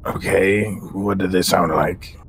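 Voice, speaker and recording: A man playing in a tabletop game, relaxed and inquisitive. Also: deep voice, unhurried, a little hiss or hum. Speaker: player. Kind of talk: casual tabletop game play.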